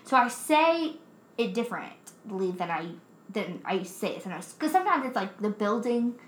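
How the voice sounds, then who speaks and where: A young woman telling a story in casual chat, animated, swearing often, laughing as she talks. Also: mid-range voice, normal speed, a little hiss or hum. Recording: roomy echo.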